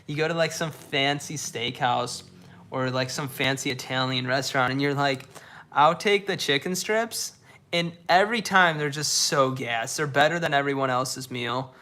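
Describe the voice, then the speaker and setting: A man's voice: medium pitch, normal speed, pushed and bright. A young man casually chatting on a live stream, reading viewers' messages aloud, laid-back and slangy, often repeating his own phrases. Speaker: livestreamer reading chat. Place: dark room indoors.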